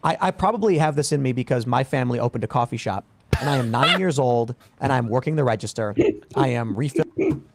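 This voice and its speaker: A man on a podcast giving opinions in an emphatic, deadpan way, often repeating his words. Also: medium pitch, fast talker, creaky, noisy background. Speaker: podcast host in a played clip. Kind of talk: opinionated talk show chat.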